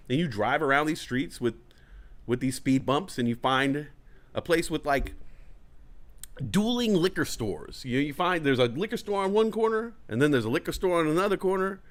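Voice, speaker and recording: A talk show host from the California Bay Area, an adult with a young child, tells a long, rambling, profane story in casual conversation, acting out angry quotes. His voice is on the high side with a fairly bright tone.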